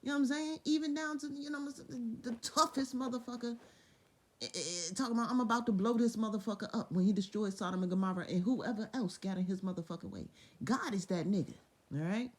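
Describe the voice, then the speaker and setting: A young woman tells Bible stories as if gossiping with friends. She is loose and profane, drops into character voices for the quotes, and often breaks into laughter. Her voice sits at a middle pitch. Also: a little fast. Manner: profane, laughing, animated retelling. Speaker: vlogger retelling Bible stories. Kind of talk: casual storytelling with voiced quotes.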